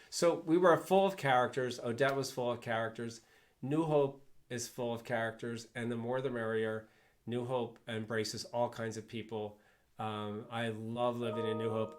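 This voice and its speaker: An older man, a guest speaker, telling fond, rambling anecdotes and chuckling along the way. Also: medium pitch. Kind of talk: anecdotal storytelling.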